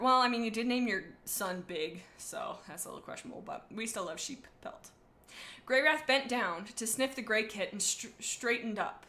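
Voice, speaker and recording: A woman streamer reading fanfiction aloud on a casual livestream, giggling and rambling through animated asides. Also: on the high side, normal speed.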